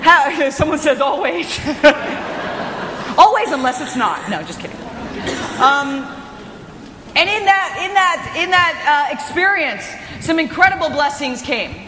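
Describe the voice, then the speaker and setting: A woman giving an energetic, inspirational conference talk as a motivational speaker, often raising her voice for emphasis. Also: high-pitched, unhurried, background noise. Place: hotel conference hall. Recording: echoey hall recording.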